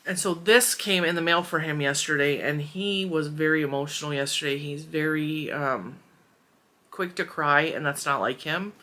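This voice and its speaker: Opening her mail on camera, this crochet channel host in her forties talks casually and with emotion, full of giggles and filler words. She has a low-pitched, sharp-toned voice at a moderate pace.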